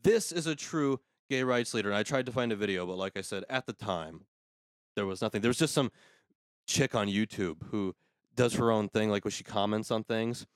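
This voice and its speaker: A man's voice: fairly low pitch, fairly quick, dry recording. A man hosting a podcast, ranting crudely and sarcastically in casual comedic talk. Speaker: podcast host.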